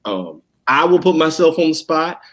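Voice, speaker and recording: A man's voice: a little high, sing-song, normal speed. A man from Southwest Virginia with its country accent, talking casually as a guest in an interview, rambling with lots of fillers and restarts. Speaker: guest, school district director.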